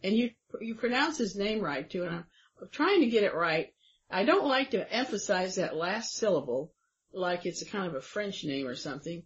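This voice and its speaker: A woman interviewing a guest in a chatty way, thinking aloud and pausing with fillers. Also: mid-range voice, animated. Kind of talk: conversational interview. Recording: dull lo-fi sound.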